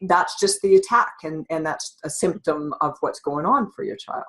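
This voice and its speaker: A woman's voice: deep voice, animated, normal speed, fairly bright tone, low-quality recording. A woman hosting an interview, affirming her guest with short agreements and reading out viewer questions. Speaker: interviewer host. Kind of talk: conversational interview.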